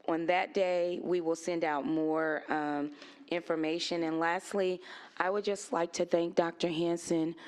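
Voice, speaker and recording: A woman with a notably low voice speaks slowly and deliberately, making encouraging announcements in a school board meeting room. She keeps an upbeat, friendly tone. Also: darkish tone, clean tone.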